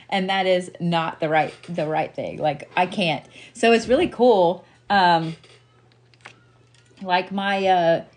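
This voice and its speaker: A woman with a fairly low voice gives a spiritual reading in a loose, chatty way. She swears freely and laughs often. She comforts her listener with easy endearments. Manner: reassuring, calls listener sweetie. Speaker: reiki and wax reader. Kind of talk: live reading chat.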